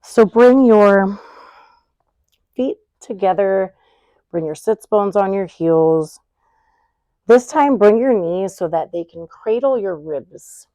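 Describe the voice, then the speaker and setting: A woman yoga instructor giving calm, unhurried cues for poses and breathing. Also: mid-range voice, no echo. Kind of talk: guided yoga class instruction.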